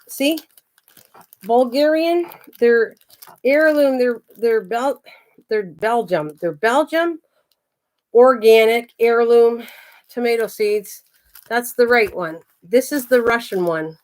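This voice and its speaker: This is an older woman with a slightly high voice, hosting her own channel and chatting away to the camera. She rambles and loses her thread easily. She talks to her pets in the middle of her sentences. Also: measured pace. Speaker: craft and garden channel host. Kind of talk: casual chat to camera.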